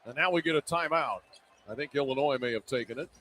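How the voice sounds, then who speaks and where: A man announcing a basketball game play-by-play, quick and rising to excitement on big plays. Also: medium pitch, a little hiss or hum. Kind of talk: radio-style basketball play-by-play. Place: arena broadcast position.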